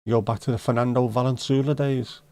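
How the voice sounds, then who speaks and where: A middle-aged man hosts a relaxed live stream. He reads viewers' comments aloud and teases them in a joking, conversational way. His voice sits at a middling pitch and is recorded close up with a dry, deadened sound. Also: quick pace, dry recording. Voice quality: joking, teasing banter. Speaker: livestream host. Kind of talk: casual chat reading out viewer comments.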